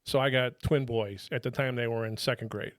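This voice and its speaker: A man in his fifties sits in as a podcast guest, spinning stories in loose, profane everyday talk. He often stumbles through restarts and breaks into laughter. His pitch sits mid-range and the sound is dry and close. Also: steady tone, a little fast, no echo. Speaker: podcast guest, retired federal drug agent. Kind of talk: casual storytelling chat.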